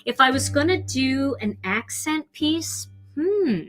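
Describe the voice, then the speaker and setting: A woman's voice: high voice, expressive, slow pace, a bit bright, soft background music. A woman hosting a live card-making demonstration, chatty and gushing with enthusiasm as she works.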